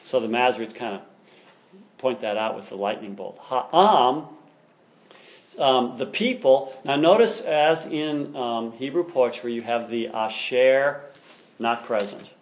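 A man's voice: medium pitch, measured pace. Male teacher, classroom lecture, keen and explanatory, reads aloud then unpacks it.

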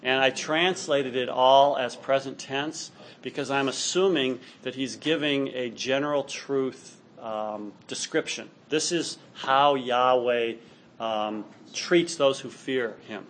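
A man's voice: medium pitch, takes it slowly, a bit bright, a little hiss or hum. A man teaching a class on Hebrew grammar, explaining patiently and checking in with students often. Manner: patient, explanatory, frequent "all right?" check-ins. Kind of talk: classroom lecture.

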